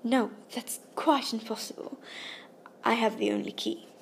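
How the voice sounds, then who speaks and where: A woman's voice: fairly high pitch, fairly even intonation, a little slow, creaky, slight background noise. A woman reading an audiobook and voicing an anxious, polite adult woman who speaks formally. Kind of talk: audiobook character voice.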